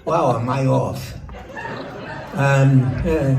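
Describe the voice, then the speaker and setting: A man's voice: medium pitch, animated, a little slow. A man in his eighties with a sore throat, doing rambling, self-mocking stand-up with animal noises at a roast. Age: 80s. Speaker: comedian. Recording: echoey room, far mic, crowd and noise.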